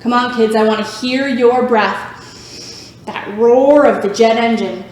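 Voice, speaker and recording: Upbeat female yoga instructor for kids, high voice, very roomy echoey sound. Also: fairly even intonation, slow pace, a little mellow, a little hiss or hum. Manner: upbeat, encouraging, makes animal sounds. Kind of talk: guided kids' yoga class. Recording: very echoey room.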